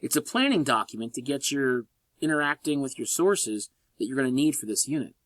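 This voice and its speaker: Man, college English instructor, recorded lecture voice-over, animated delivery with wry asides, dry close sound. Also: mid-range voice, brisk, no room sound. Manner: lively, joking asides, sarcastic.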